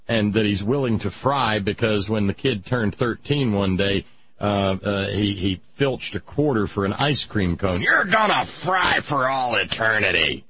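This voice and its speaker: Sarcastic ranting man, husky voice. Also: on the low side, highs cut off. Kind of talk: opinionated monologue.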